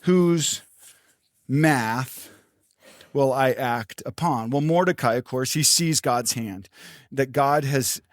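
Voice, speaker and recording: An older man preaching a sermon as pastor, telling a story with animated, acted-out quotes. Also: mid-range voice, slow pace, no room sound, clean studio sound.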